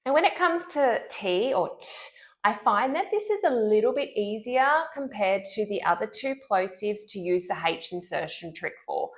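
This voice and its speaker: A woman speech pathologist giving an instructional lesson, clearly and deliberately modeling speech sounds. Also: mid-range voice, expressive.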